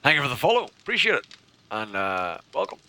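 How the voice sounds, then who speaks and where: A man hosting a live game stream, chatting casually with his viewers and thanking new followers. His voice is bright and forward, with a lively, bouncing pitch. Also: quick pace. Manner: reads chat aloud and thanks followers, joking.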